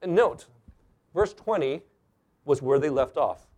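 A preacher man gives a sermon from a church stage, his voice sitting a little high. He talks in an animated way and acts out the people he quotes. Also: a little slow.

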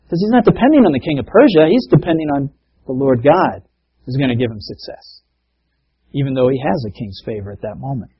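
A man delivers a sermon in an easygoing, conversational way, mixing stories into his preaching. His voice is a bit higher than most and has a husky edge. The recording sounds dull and lo-fi. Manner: conversational preaching with laughs and illustrations. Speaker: pastor.

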